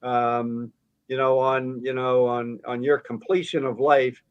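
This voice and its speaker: A man's voice: medium pitch, fairly even intonation, unhurried, clean tone, dull audio. A middle-aged man speaking as a guest in an interview, plain-spoken, earnest and reflective, with some hesitations. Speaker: guest, financial advisor. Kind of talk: conversational interview.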